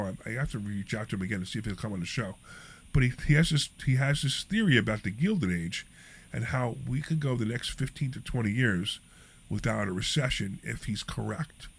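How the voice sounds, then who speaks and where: Emphatic talk radio host man. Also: medium pitch. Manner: rambling, emphatic, repeats himself. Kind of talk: casual talk radio chat.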